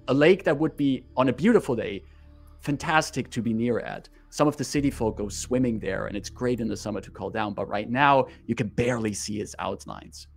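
Guy running a tabletop game, mid pitch, painting the scene slow and detailed. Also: vocal fry. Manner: vivid, unhurried scene-setting description. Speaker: game master.

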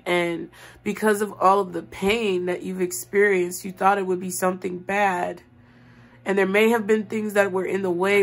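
A woman giving a tarot reading, talking earnestly and directly to her viewers in a rambling, spiritual way. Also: medium pitch. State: crying, voice rising and breaking. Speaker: tarot reader.

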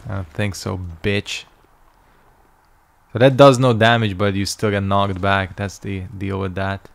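A man's voice: lowish voice, level tone, a little slow, vocal fry. A young man casually commenting on a game he is playing, muttering to himself and swearing. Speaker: gaming streamer.

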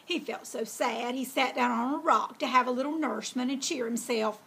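A woman's voice: fairly high pitch, normal speed, vocal fry, fairly bright tone, breathy edge. Folksy woman with a storytelling drawl. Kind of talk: storybook read-aloud.

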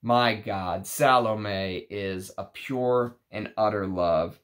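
A man's voice: lowish voice, slow pace, a bit bright. A man casually reviewing perfumes from his collection, gushing enthusiastically with restarts and fillers.

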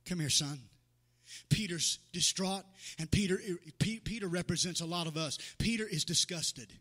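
A high-pitched, fairly bright male voice fills a big church sanctuary as a pastor delivers a sermon at normal speed. He grows steadily more fervent, voicing the characters in his stories and addressing congregants by name.

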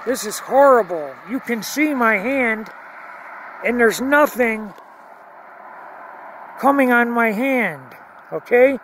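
Man, high voice, slow and insistent, repeating himself to viewers, phone recording outdoors at night. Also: animated, fairly bright tone, slight background noise. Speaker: video blogger. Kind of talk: filming outdoors, talking to viewers. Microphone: phone camera held while filming.

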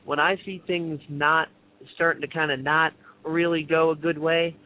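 A man's voice: fairly high pitch, level tone, moderate pace. A man hosting a spiritual call-in radio show, chatting in a loose, rambling way full of asides. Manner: rambling, loose, many fillers and musing asides. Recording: tinny phone line.

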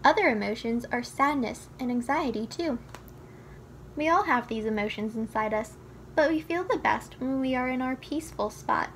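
Brief: a woman reading a children's book aloud, gentle and instructive, with a bright, high voice. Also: moderate pace, slight background noise. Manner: gentle, teaching tone, speaks to the child listener. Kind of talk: storybook read-aloud.

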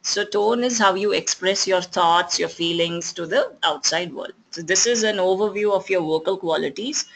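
A communication skills trainer with an Indian English accent, lecturing at an even pace and often pausing on fillers and restarts. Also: mid-range voice, gravelly, rough recording. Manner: explanatory, with frequent fillers and restarts.

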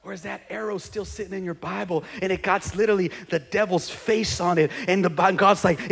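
A man with a high voice preaches a sermon in a church. He drops to quiet, chatty asides and acts out comic churchgoers, then builds up to shouted, rousing preaching. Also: fairly even intonation, a little fast, creaky, few pauses, breathy edge, big-room sound. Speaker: pastor. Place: church sanctuary.

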